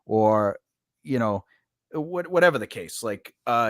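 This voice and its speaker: A man's voice: fairly low pitch, moderate pace, dry recording, clean studio sound. A man, a comedian and actor, chatting casually and acting out both sides of household arguments. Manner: animated storyteller, acts out both sides of arguments. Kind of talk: casual chat.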